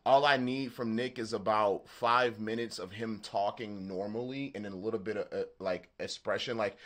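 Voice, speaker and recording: A man with a Southern accent hosting a beat-making livestream, chatting casually in a halting, rambling way and swearing freely. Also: on the low side, steady tone, a bit bright. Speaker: beatmaker livestream host. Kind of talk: casual live-stream chat.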